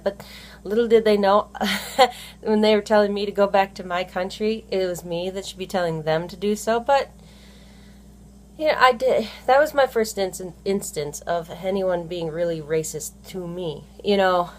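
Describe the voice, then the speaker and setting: A stay-at-home mom speaks at a normal speed in a medium-pitched voice, rambling through a casual vlog monologue. She keeps correcting herself and leans heavily on "you know" as a filler.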